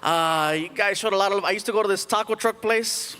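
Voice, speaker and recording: A man performing an animated stand-up comedy routine on a theater stage, slipping in loud put-on voices. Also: sits high, fairly quick, clear, resonant tone, big-room sound. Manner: animated, puts on loud shouty Spanish-speaking voices. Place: large theater stage with a live audience. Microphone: stage microphone. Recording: live theater show with loud crowd noise.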